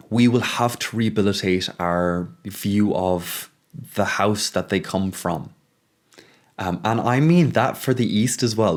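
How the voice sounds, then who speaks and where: A man hosting a reflective monologue, thinking aloud with frequent pauses and restarts, growing urgent as he goes. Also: low-pitched. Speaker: podcast host.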